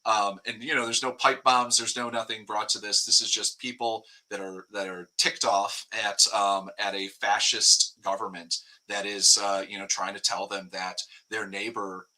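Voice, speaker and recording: A man's voice: on the low side, level tone, normal speed, hardly any pauses, bright, forceful tone, poor audio. A man speaking as a guest reporter in a casual interview, talking in a rambling way with many restarts and fillers.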